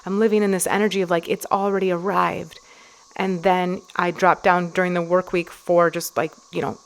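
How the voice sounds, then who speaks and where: Woman podcast host, low gravelly voice, chatty rambling solo delivery. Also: flat delivery, brisk. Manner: rambling, chatty, many fillers and restarts. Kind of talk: casual solo podcast talk.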